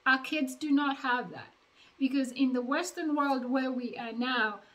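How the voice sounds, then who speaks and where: A woman talking straight to her viewers about raising her boys. Her voice sits a little high, and she retells home moments in a lively, chatty way, slipping into the voices of the people in the story. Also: a little slow, low-quality recording. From Uganda. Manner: chatty, animated retelling with quoted dialogue. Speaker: vlogger, mother of two. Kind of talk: casual storytelling to camera.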